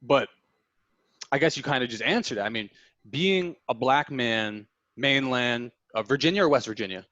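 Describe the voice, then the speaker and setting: A man hosting a podcast interview, asking questions in a halting way as he searches for his words. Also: mid-range voice, lively intonation, fairly bright tone, no echo, dull audio. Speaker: podcast host. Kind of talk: casual interview chat.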